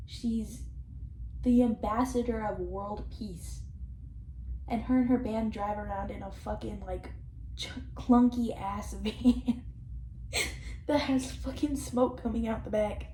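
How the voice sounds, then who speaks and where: A woman's voice: a little high, unhurried, warm tone. Rambling young woman ranting in echoey room. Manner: rambling, swearing, mocking, laughs often. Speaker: vlogger. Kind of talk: casual commentary. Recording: echoey room with faint noise.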